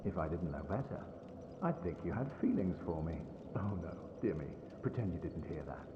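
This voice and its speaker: Courtly, cheerful game knight. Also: male voice, low voice, very animated, moderate pace. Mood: playful. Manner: courteous, earnest, gently teasing. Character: cheerful friendly adult male knight. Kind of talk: video game character dialogue. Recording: roomy, dull game audio with noise.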